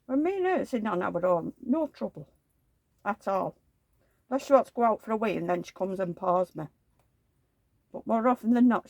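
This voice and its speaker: A woman's voice: medium pitch, gravelly, a little mellow, no echo. A woman, rambling through homely anecdotes in a chatty vlog and acting out the dialogue. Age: 70s. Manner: rambling anecdotal storytelling, acts out quoted dialogue. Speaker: reborn doll collector.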